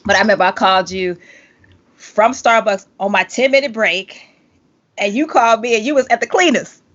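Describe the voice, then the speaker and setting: A woman in her forties hosting a podcast, playful and animated with quick asides. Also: mid-range voice. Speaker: podcast host and singer. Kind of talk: casual interview chat. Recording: dull lo-fi audio.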